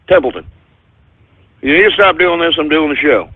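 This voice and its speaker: A man's voice: fairly high pitch, animated, normal speed, long pauses. A man hosting his own talk radio show, rambling in a comic monologue and breaking off to scold his crew and his dog in exasperation. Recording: phone-like narrow-band audio.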